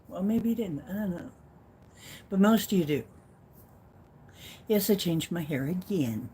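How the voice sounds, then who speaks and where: A woman with a flat Midwestern accent hosting a casual livestream, rambling and teasing herself playfully. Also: fairly low pitch, unhurried, pauses often, slightly rough. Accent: Midwestern American. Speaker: livestream host.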